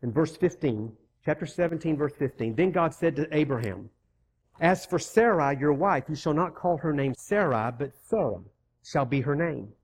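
A preacher gives an emphatic, conversational sermon, repeating key words for weight and reading scripture aloud while acting out the characters' lines, with asides to the congregation. His mid-range voice has lively intonation and a moderate pace.

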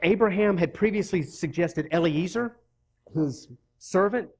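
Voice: medium pitch, a little slow, a little mellow. A preacher giving a sermon, emphatic and conversational, repeating key words for weight and reading scripture aloud. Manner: reads scripture aloud and acts out the characters' lines; conversational asides to the congregation.

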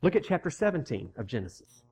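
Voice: mid-range voice, very animated, fast, darkish tone, slightly rough, dull audio. A preacher giving a sermon, emphatic and conversational, repeating key words for weight and reading scripture aloud. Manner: reads scripture aloud and acts out the characters' lines; conversational asides to the congregation.

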